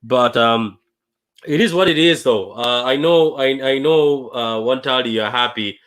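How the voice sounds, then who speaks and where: A young man hosts a fan livestream just after his team has lost. He sounds dejected and keeps repeating himself, starting over and trailing off, at an ordinary middle pitch. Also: fairly bright tone, smooth. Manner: dejected, repetitive, halting with many restarts. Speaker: fan channel livestream host. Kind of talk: emotional post-match fan livestream.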